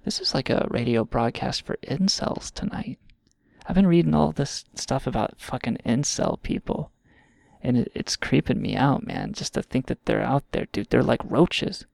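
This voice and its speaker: A man with a heavily gravelly, fry-laden voice rants and riffs sarcastically, swearing freely as he rambles. The sound is close and dry, with no room behind him. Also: mid-range voice, normal speed, a little mellow, no echo. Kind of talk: casual comedic rant.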